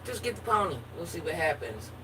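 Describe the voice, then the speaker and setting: Playful joking woman, sharp bright voice. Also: on the low side, very animated, brisk. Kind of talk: casual chat with viewers. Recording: distant mic with faint background noise.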